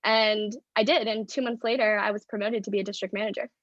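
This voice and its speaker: A woman's voice: medium pitch, steady tone, fast talker, fairly bright tone, no echo, muffled recording. A woman in her twenties from the northeastern US, a podcast guest telling a personal story frankly, with lots of "like" fillers. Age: 20s. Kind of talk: candid storytelling in a podcast interview.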